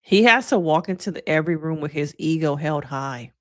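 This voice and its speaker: A woman therapist talks through a reality show in a loose, chatty way and speaks straight to her viewers. Her voice sits a bit low. She is animated and often slips into acting out what others said. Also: fairly quick. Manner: chatty and animated, addresses viewers as y'all, acts out quotes. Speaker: licensed therapist and reaction commentator. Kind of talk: casual reaction vlog commentary.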